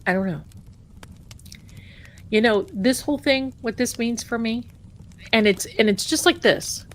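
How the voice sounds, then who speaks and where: A woman's voice: a little high, a little slow. An American woman hosting a casual livestream, chatty, repeating herself and sometimes dropping to a whisper. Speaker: livestream host.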